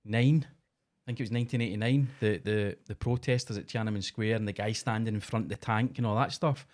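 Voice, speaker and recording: A man's voice: on the low side, fairly even intonation, a little fast, a little mellow. A middle-aged man, co-hosting a casual podcast with sweary, laughing banter. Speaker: podcast co-host.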